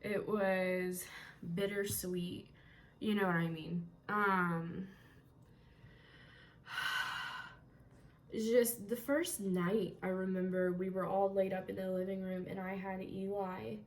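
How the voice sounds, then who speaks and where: A woman's voice: medium pitch, little pitch movement, takes it slowly, long pauses. A young woman vlogging from her bedroom, telling a personal story in a candid, rambling way, with casual swearing and moments of emotion. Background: faint TV sound playing.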